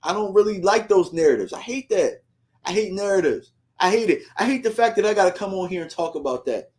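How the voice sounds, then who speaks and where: A man's voice: high-pitched, lively intonation, a little fast, darkish tone. A man hosting a fan livestream, ranting heatedly in slangy casual talk and reading out viewer comments.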